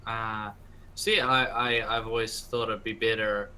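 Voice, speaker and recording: A New man, guest on a casual tech podcast, relaxed and matter-of-fact. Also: fairly low pitch, measured pace, faint music behind, rough recording. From New Zealand. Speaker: guest co-host.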